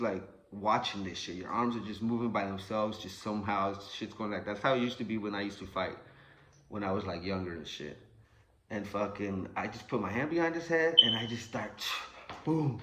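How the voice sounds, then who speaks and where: Man, casual storyteller, bright forceful voice, rambling, heavy swearing, sound effects. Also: mid-range voice.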